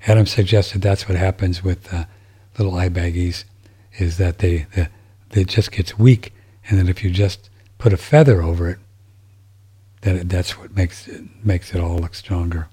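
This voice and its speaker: Low, husky-voiced male podcast host. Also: fairly even intonation, normal speed, warm tone. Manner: rambling, with many restarts and fillers. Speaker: podcast host reading listener mail. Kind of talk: casual chat. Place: home, seated in a chair.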